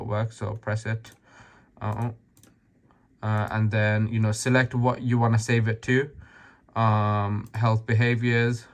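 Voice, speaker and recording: A man with a slightly hoarse, lowish voice walks through a casual tutorial on screen. He rambles, restarts sentences and keeps checking in with the listener. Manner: rambling, full of fillers and restarts, tags "right?". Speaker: tutorial maker.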